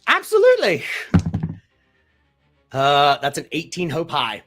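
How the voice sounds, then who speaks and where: Hesitant, lively tabletop player. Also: mid-range voice, a little fast, faint music behind. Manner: hesitant, repeats words, laughs easily. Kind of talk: tabletop role-play, in and out of character.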